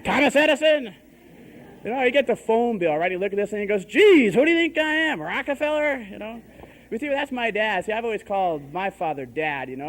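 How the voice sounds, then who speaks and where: High-voiced young man doing stand-up. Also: slight background noise, poor audio. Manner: chatty, peppered with "you know". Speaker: stand-up comedian. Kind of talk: stand-up comedy set. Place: live stage before an audience.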